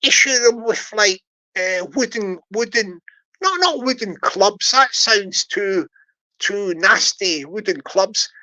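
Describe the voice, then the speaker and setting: A woman's voice: medium pitch, expressive, slow, bright, forceful tone, rough recording. A woman hosting a live stream, chatting casually to her viewers and telling a rambling story, repeating herself and talking straight to the chat. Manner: repetitive, chatty, addresses the chat directly.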